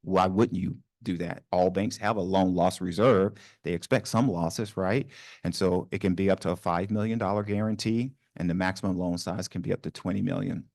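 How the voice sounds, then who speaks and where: Deep-voiced Southern man on a panel. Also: fairly even intonation, normal speed, vocal fry, a little mellow, no room sound, studio quality. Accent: Southern US, New Orleans. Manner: conversational, asks the room questions, many ums and restarts. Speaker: panel speaker on small business financing. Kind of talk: informal panel talk to a live audience. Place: university event room.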